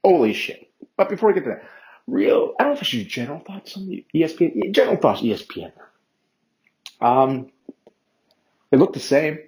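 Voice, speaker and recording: A man's voice: fairly high pitch, very animated, a little fast, long pauses, a little mellow, low-quality recording. A man hosting a casual solo sports podcast, rambling, swearing freely and mocking himself as he goes. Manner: rambling, profane and self-mocking; chatty, with many fillers and restarts. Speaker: podcast host.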